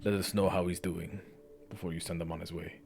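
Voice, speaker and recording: A game master voicing a calm, businesslike bald Russian mercenary, speaking hesitantly with fillers and no put-on accent. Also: male voice, a little fast, creaky, faint music behind. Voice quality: low, relaxed delivery with no put-on accent.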